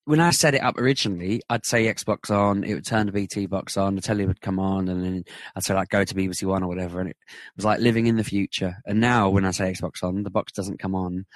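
Fast guy on a podcast, pretty low voice, gets animated telling a story. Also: no echo. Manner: animated, rising to excited retelling. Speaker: podcast co-host. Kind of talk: casual storytelling chat.

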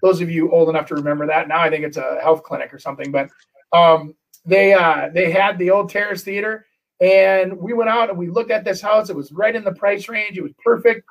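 A middle-aged man, a real estate agent, telling a story in casual chat, animated and full of restarts. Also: high-pitched, fairly quick, distant mic, poor audio. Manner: animated, acts out quotes, many restarts.

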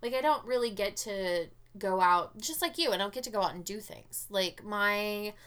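Bright-voiced woman, candid and sweary. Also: medium pitch, normal speed, clear, resonant tone. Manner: candid, swears freely, animated storytelling. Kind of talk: casual chat.

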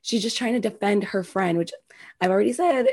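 A woman's voice: mid-range voice, a little mellow. A woman co-hosting a casual chat, working through her opinions with hedges and restarts. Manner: thoughtful, hedging, halting restarts. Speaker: podcast co-host.

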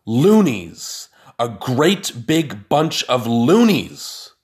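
A man's voice: medium pitch, lively intonation, takes it slowly, pitched above the performer's own voice. A man doing a blustering, ranting brother-in-law. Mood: indignant. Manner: loud indignant ranting.

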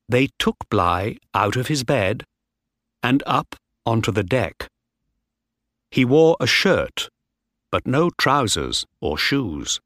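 A man reading a story aloud clearly and slowly, as in a graded-reader audiobook. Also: on the low side, big pitch swings, fairly bright tone, dry recording, studio quality.

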